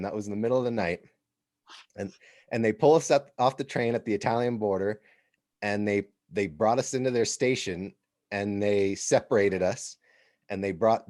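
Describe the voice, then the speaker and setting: An American man hosting a podcast, telling a travel story in an animated, casual way and laughing as he goes. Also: lowish voice, no echo, clean studio sound. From United States. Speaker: podcast host.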